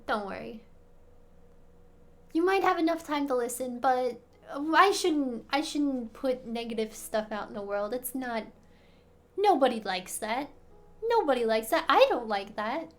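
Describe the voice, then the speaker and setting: An American woman hosting a casual live stream, chatting and answering viewers' questions with giggles. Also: high-pitched. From United States. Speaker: livestream host answering chat. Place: apartment in Korea.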